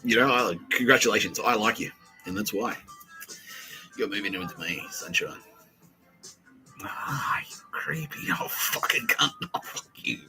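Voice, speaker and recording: A man hosting a crude comedy podcast, swearing freely, laughing often and mimicking people in quick asides. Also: fairly low pitch, music in the background, poor audio. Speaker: podcast host.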